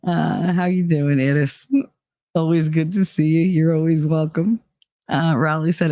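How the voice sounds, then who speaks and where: A woman from New Jersey with a New Jersey accent, chatting casually on a live stream, reading out her chat and answering it in a blunt, animated way with plenty of swearing. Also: sits low, a little slow, no room sound, studio quality.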